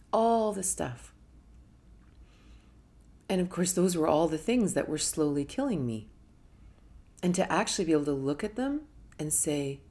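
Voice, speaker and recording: A woman's voice: deep voice, gravelly, dark tone. A middle-aged woman hosting a live question and answer session, talking candidly and emotionally and acting out quoted thoughts, sometimes in a whisper. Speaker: host answering viewer questions. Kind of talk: live Q&A talk.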